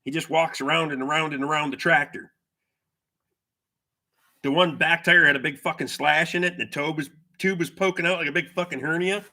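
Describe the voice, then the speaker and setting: Profane, bright-voiced man telling stories. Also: fairly high pitch, fairly even intonation, brisk. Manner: profane, rambling anecdotes, reads viewer comments aloud. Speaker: livestream host. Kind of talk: casual storytelling chat with viewers.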